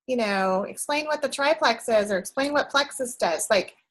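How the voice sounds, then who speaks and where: Husky woman chiming in earnestly in a group chat, slightly high voice. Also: a bit bright, poor audio. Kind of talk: group discussion.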